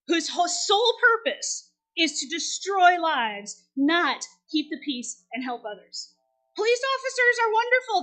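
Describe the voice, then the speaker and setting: Woman minister in her forties, very high bright voice, chatty storytelling sermon delivery. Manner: conversational storytelling preacher, asks the congregation questions.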